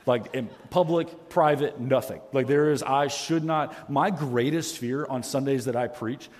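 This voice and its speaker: A man's voice: medium pitch, unhurried, darkish tone, big-room sound. A man pastor preaching a sermon on a headset mic in a church, earnest and self-deprecating, often restarting his sentences. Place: church sanctuary. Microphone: headset microphone.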